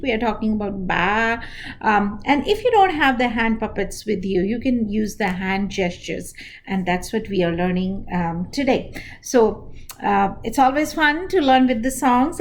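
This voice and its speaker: A woman preschool teacher with an Indian English accent, calmly explaining an activity step by step, pausing often as she goes. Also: medium pitch, slight background noise. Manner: unhurried, explaining step by step with pauses. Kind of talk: instructional talk to parents and teachers.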